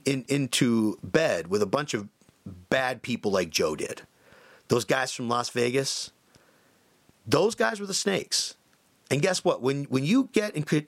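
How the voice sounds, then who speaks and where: A man hosting a podcast, telling a story casually with many fillers and lively shifts in tone. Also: medium pitch, vocal fry. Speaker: podcast host.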